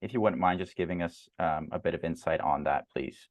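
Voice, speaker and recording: A man hosting an academic journal club, presenting slides in a measured way with frequent fillers and repeated words over a video call. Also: low voice, no echo.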